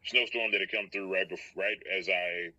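A man from Texas, a voice actor guest, telling a story in a casual, animated way, with laughter and many restarts. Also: low voice, normal speed, no echo, recorded from a distance, lo-fi sound.

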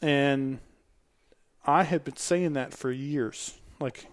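A man's voice: medium pitch, takes it slowly. A man in his thirties, a podcast guest, talking bluntly in casual chat, swearing freely and acting out little bits of dialogue. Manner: blunt and profane, acts out quoted dialogue.

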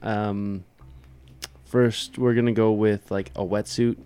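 A man's voice: on the low side, flat delivery, takes it slowly, warm tone, clear, resonant tone. A man playing a tabletop role-playing game, talking in a playful way. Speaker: player.

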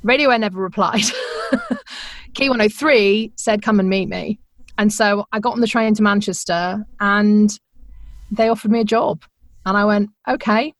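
A middle-aged woman, a radio presenter, telling her career story in a chatty, animated way, laughing often and acting out the voices she quotes. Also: mid-range voice, moderate pace, dry recording, studio quality. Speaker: podcast guest, radio presenter. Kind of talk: conversational storytelling.

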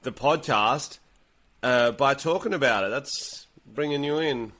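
An Australian man co-hosting a casual podcast, laughing, swearing freely and putting on quick voices. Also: mid-range voice, a bit bright. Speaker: podcast co-host.

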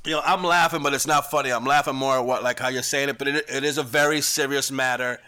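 Male co-host, bright forward voice, measured and agreeable. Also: medium pitch, steady tone, smooth. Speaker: podcast co-host. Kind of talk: casual chat.

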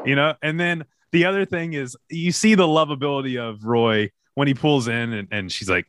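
A man's voice: mid-range voice, normal speed, few pauses, dry recording. A middle-aged man co-hosting a podcast, telling stories and acting out dialogue in casual chat. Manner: animated storytelling, acts out dialogue. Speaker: podcast co-host, youth soccer coach.

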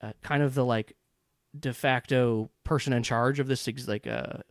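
A man's voice: medium pitch, fairly even intonation, moderate pace, creaky, no echo, clean studio sound. A man narrating a horror tabletop game as game master, rambling through descriptions. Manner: rambling with many fillers and restarts.

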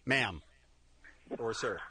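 A man's voice: lowish voice, expressive, extremely slow, background noise. A man making a polite, giggly radio prank call.

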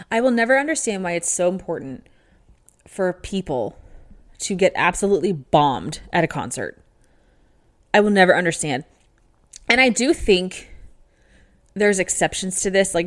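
Woman, thirties, casual vlog rant, exasperated and chatty, leans on "like.". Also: mid-range voice. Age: 30s. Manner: chatty, exasperated, says "like" constantly. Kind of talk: casual talking-to-camera rant.

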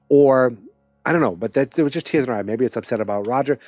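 A man casually recapping a TV episode, rambling and animated, with lots of fillers and restarts. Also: medium pitch, fast, no room sound, soft background music.

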